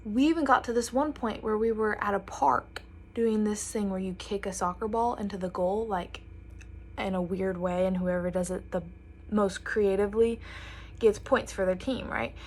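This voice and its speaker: A woman's voice: mid-range voice, fairly even intonation, normal speed, husky. A young woman telling a chatty storytime while getting ready, animatedly quoting others. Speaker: vlogger.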